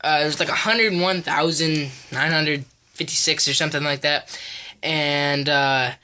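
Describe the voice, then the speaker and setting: A woman excitedly recapping a wrestling event in play-by-play fashion, her voice leaping high and loud at the big moments, with lots of ums and restarts. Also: a little slow, slight background noise. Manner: many fillers and restarts.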